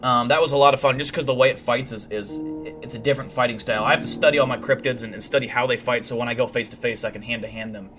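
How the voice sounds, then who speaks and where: A young man hosts a livestream and rambles through boastful, deadpan tall tales. His voice sits at an everyday middle pitch. Guitar music plays clearly behind him. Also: very fast, hardly any pauses. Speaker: livestream host. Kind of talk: comedic in-character livestream storytelling.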